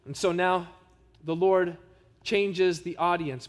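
A man's voice: sits high, slow, big-room sound. A man preaching a sermon as pastor. He speaks earnestly and emphatically and addresses the congregation with rhetorical questions.

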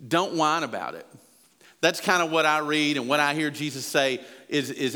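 A man's voice: animated, moderate pace, bright, forceful tone, clear, resonant tone. A man preaching a sermon as pastor, earnest and emphatic, his voice rising as he presses his points. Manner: earnest, emphatic preaching that builds in pitch and volume. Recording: long hall reverb.

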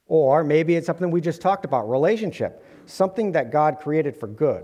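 A man's voice: fairly high pitch, lively intonation, fairly quick, hardly any pauses, warm tone. A man delivering an earnest sermon to his congregation, with light humorous asides. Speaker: preacher. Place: church sanctuary. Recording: long hall reverb.

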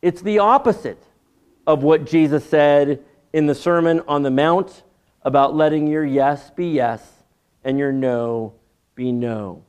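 A man giving an expository sermon in a measured teaching manner, with dry asides. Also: on the high side, darkish tone, clean tone. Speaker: preacher.

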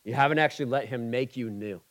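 A man of about forty from Ohio preaching a sermon. He moves between loud, urgent emphasis and quiet, intimate asides, with a conversational, humorous touch. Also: medium pitch, fast talker, low-quality recording. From Ohio, USA. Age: 40s. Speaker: pastor.

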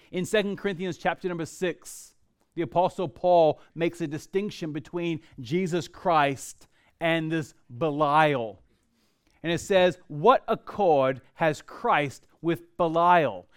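A man preaching a sermon as pastor to a congregation in church, emphatic, and slowing down when he reads scripture aloud. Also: sits high, clean tone. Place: church before a live congregation.

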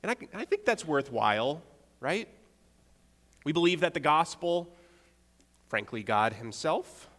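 Young male preacher in a reverberant hall. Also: fairly high pitch. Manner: relaxed, with rhetorical check-ins and wry asides. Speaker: pastor. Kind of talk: conversational sermon.

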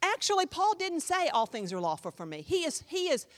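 Lively high-voiced woman pastor preaching. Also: brisk. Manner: emphatic, conversational preaching with sudden jumps in volume. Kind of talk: sermon teaching.

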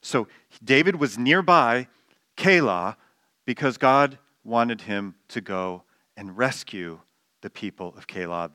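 A man's voice: fairly low pitch, bright, forceful tone, no echo, clean studio sound. A man preaching a sermon, explaining a text with emphatic stress on key words and some restarts. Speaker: pastor.

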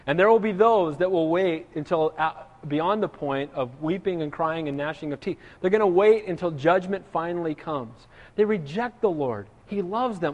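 A man with a high voice preaches a sermon, reading scripture aloud and then explaining it. He speaks earnestly and addresses the congregation directly. His voice carries a long reverb, as if he were in a large hall. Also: animated, moderate pace. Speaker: pastor.

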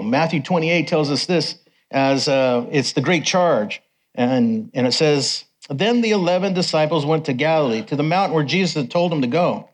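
A man's voice: on the high side, poor audio. A man giving a sermon with personal stories, talking conversationally and often checking in with the congregation. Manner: conversational, asks the crowd "right?". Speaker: preacher.

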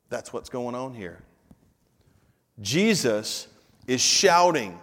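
A man's voice: mid-range voice, very animated, slow, long pauses. Preaching man in a reverberant hall. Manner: emphatic preaching, repeating phrases and building to loud climaxes; informal asides to the congregation and tech team. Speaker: pastor. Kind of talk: sermon. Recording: long reverb of a large hall.

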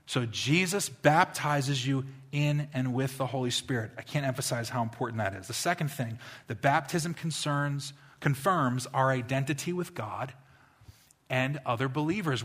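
Bright-voiced preaching man. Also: mid-range voice. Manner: impassioned preaching with rising intensity and rhetorical questions. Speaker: pastor. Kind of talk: sermon.

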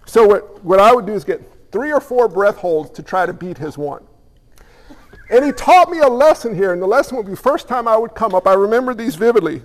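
An emphatic male preacher with a fairly high voice keeps asking the room questions and telling stories. His words carry a long reverb, as if from a church hall. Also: lively intonation, fairly quick. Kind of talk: sermon.

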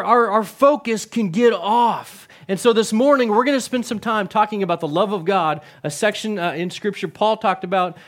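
A middle-aged male pastor giving a conversational sermon, often asking the congregation questions and repeating words. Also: sits high.

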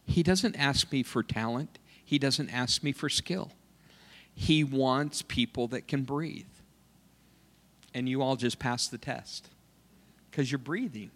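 A man preaching as a missionary, telling a story in an animated, self-mocking way in a church. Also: mid-range voice, measured pace. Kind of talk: sermon storytelling. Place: church sanctuary. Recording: long church hall reverb.

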